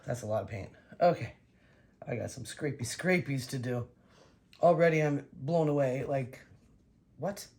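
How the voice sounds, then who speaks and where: A woman vlogging casually while she paints, excitable and talking to herself and her dog. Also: a bass voice, moderate pace, slight background noise. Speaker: acrylic pour painting vlogger.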